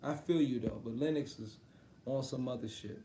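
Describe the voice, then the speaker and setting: A man's voice: mid-range voice, normal speed, warm tone, slight background noise. A man hosting a casual live stream, swearing freely, laughing often and talking straight to his viewers. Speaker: sports talk streamer. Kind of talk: casual livestream chat about boxing. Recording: roomy echo.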